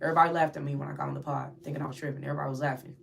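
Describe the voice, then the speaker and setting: Woman telling a vivid story, low voice. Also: flat delivery, rapid-fire, vocal fry, a bit bright, a little hiss or hum. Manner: vivid retelling, acts out others' voices, repeats words when upset. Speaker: interview guest. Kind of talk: emotional personal storytelling.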